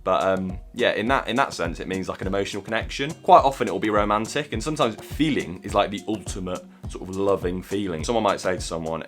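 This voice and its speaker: A man's voice: deep voice, fast talker, few pauses, fairly bright tone, faint music behind. A young Englishman hosting a language video, chatty and jokey with playful asides. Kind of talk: casual explainer vlog.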